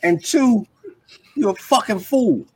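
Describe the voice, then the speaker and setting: A man's voice: sits high, expressive, takes it slowly, a little mellow, husky, dry recording. A man co-hosting a live podcast, ranting bluntly with heavy profanity in casual chat. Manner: blunt, profane, emphatic rants. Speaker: podcast co-host.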